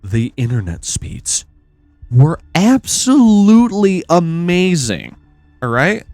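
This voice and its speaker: A man's voice: a little high, wildly swooping pitch, slow pace, darkish tone, no room sound, faint music behind. A man hosting a podcast, telling stories in an exasperated, profane casual rant. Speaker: podcast host. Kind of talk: casual ranting storytelling.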